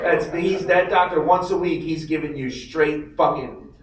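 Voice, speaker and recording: A man's voice: fairly high pitch, moderate pace. A man hosting a live stand-up set, brash and profane, teasing the audience during crowd work. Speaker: comedy host. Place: casino showroom. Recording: roomy live recording from far off with crowd.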